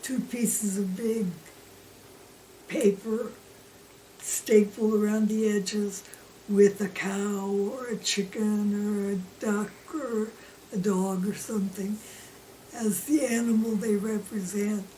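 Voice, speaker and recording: A woman recalling preschool memories in an interview, slow and gentle. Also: medium pitch, steady tone. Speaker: former preschool worker. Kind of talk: interview storytelling. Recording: distant mic, faint room noise.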